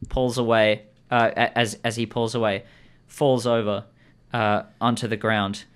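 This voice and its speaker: A man narrating as game master of a tabletop role-playing game, with a relaxed, halting delivery full of fillers. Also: lowish voice, smooth.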